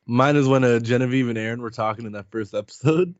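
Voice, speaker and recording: A man's voice: medium pitch, fast talker, dry recording. A young man co-hosting a casual podcast chat, upbeat and bro-ish, steering the segments. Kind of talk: casual chat recapping a reality show. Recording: dry, slightly dull lo-fi audio.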